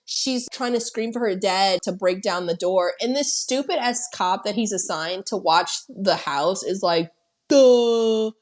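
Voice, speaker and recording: A woman co-hosting a podcast, retelling a film scene in an animated, profane way. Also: medium pitch, unhurried, few pauses. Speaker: podcast co-host. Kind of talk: casual film discussion.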